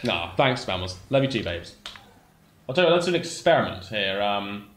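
A man's voice: fairly low pitch, sing-song, a little fast, a bit bright, roomy sound, a little hiss or hum. A man co-hosting a gaming livestream, chatting casually and hesitantly while reading the chat aloud.

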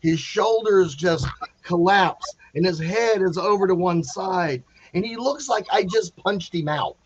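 A man telling a story in a casual, animated way, acting out the quotes with many restarts. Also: sits high, unhurried, highs cut off. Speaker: panel guest telling a story.

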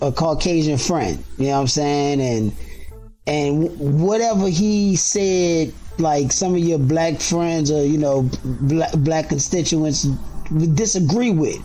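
A man with a fairly high, warm and mellow voice, talking loud in casual podcast chat. He swears freely and tells his stories with energy. Faint music plays behind him. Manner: loud, profane, animated storytelling. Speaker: podcast co-host.

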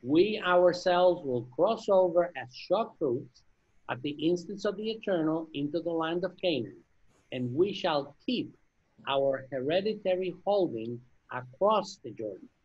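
Husky guy reading scripture to a study group, trips over names, cracks jokes, slightly high voice. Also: expressive, dull audio. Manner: reads slowly, stumbles over names, adds jokey asides. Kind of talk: reading aloud and group discussion.

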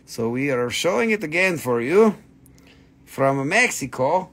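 High-voiced joking man selling crystals live. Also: very animated, unhurried, fairly bright tone. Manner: joking, playful, breaks into silly voices. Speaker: live-stream crystal seller. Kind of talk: casual live sales stream.

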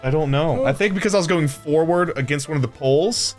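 A man chatting casually while reacting to old gaming clips, telling stories in an animated way. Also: fairly high pitch, a little fast, soft background music. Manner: animated, laughing storyteller. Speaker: youtuber reacting to a compilation.

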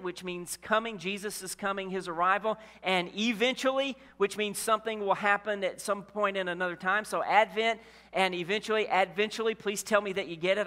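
A man, a senior pastor, preaching a conversational sermon with rhetorical questions and jokes, dropping his voice low on the key lines. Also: a bit bright. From Illinois. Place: church sanctuary.

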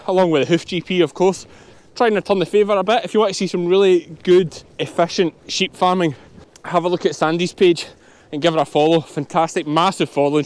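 Scottish farmer vlogging on a windy hill. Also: male voice, sits high. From Scotland. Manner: chatty, talking to viewers while working dogs. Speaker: sheep farmer and channel host. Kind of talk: outdoor farm vlog commentary. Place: windy hillside outdoors in a storm.

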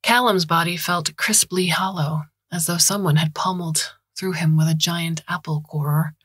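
Woman narrator for a fiction podcast; low, husky, measured read. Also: steady tone, a bit bright, dry recording, studio quality. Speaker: audiobook narrator. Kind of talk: scripted story narration.

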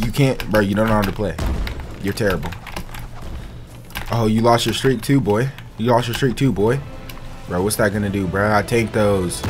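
A young man trash-talking and taunting opponents in casual commentary over online gameplay. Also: lowish voice. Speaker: gaming streamer.

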